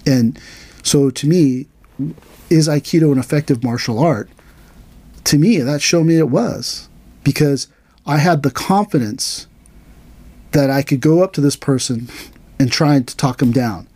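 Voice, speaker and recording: A man's voice: mid-range voice, measured pace, pauses often, breathy edge, no echo. A man hosting a podcast, telling a story in a casual way and acting out the dialogue with a livelier voice. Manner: animated, acts out quoted dialogue in a raised voice. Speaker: podcast host, aikido teacher.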